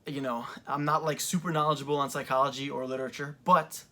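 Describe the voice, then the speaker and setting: A young man in a casual commentary vlog, recapping events in a loose, rambling way full of ums and likes. His voice sits at an ordinary middle pitch, and a chair creaks under him as he talks. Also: level tone, fast, pushed and bright. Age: young adult. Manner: rambling, filler-heavy retelling. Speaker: wrestling fan reviewer.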